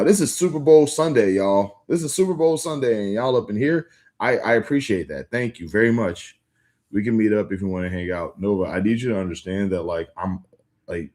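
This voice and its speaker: A young man hosts a casual livestream from home, talking straight to his chat in a slangy, rambling way full of "like" and restarts. His voice sits on the low side for a man, and it jumps up when something surprises him. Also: a little mellow. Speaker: livestream host. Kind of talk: casual live-stream chat with viewers.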